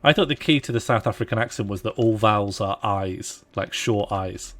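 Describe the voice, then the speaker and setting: A man livestreaming a strategy game and chatting casually with a co-host, relaxed and jokey while he thinks aloud. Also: fairly low pitch, normal speed. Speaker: streamer playing a strategy game. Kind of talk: casual live-stream chat.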